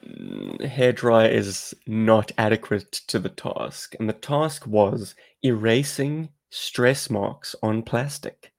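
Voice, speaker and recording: South african guy cohosting a podcast, low gravelly voice, rambles through explanations. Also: big pitch swings, slow, few pauses. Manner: chatty, explains at length. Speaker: podcast co-host. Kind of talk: casual podcast chat.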